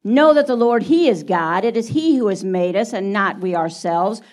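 A woman reads scripture aloud in a steady, measured way. Her voice sits at a middle pitch. She sounds a little distant from the microphone. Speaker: scripture reader.

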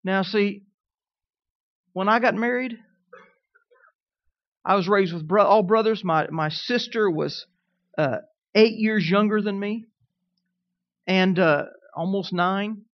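A middle-aged man preaching a sermon, telling humorous stories with lively rising emphasis. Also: high voice, slow pace, pauses often, no echo, dull audio.

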